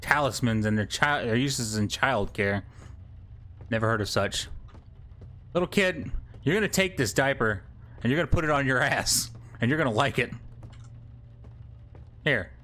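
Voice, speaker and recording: In a medium-pitched, sharp-toned voice, a young gameplay commentator speaks at a moderate pace, animated and pausing often. During this let's play he jokes at an on-screen baby, speaks to it, and breaks into laughs and yelps now and then.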